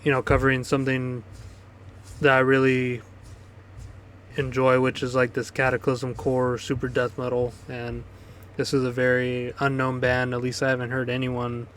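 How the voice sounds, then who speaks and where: A man's voice: medium pitch, monotone, normal speed, fairly bright tone, a little hiss or hum. A man co-hosting a music podcast, rambling casually with loose swearing and many fillers. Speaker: podcast co-host. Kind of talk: casual chat.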